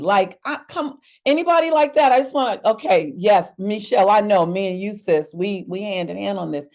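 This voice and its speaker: A woman hosting a wellness webinar over a video call. She speaks at a middle pitch in a motivational, preacher-like cadence, calling out to her audience and climbing in pitch and force when she drives a point home. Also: normal speed, few pauses. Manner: expressive preacher-like cadence, rising emphasis, addresses audience directly. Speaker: webinar host.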